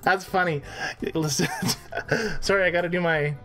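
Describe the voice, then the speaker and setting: A man's voice: high-pitched, fairly even intonation, moderate pace, over loud music. A man co-hosting a casual game live stream, joking and laughing at himself as he plays.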